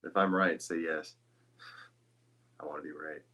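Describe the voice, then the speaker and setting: A man's voice: rumbling low, steady tone, unhurried, pushed and bright, husky. A man chatting casually as a guest voice actor, with a dry, teasing way of talking. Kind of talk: casual chat.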